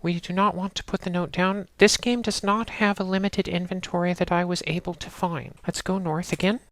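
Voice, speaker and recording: A woman narrating a game walkthrough in a steady, instructional way, talking the player through each step. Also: lowish voice, fairly quick, no echo. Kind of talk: casual let's-play walkthrough narration.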